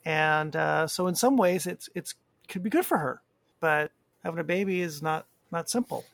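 A man with a slightly raised pitch and a gravelly, crackly edge talks casually about a TV series. The sound is dry and close. He reflects thoughtfully and often circles back to restart his sentences. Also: normal speed, a bit bright, dry recording. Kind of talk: casual chat reviewing a TV series.

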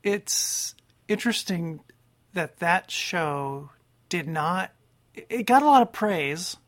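A man co-hosting a podcast, chatting casually in a reflective way, often pausing to search for words. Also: high voice, expressive, fairly bright tone. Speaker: podcast co-host. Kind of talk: casual chat.

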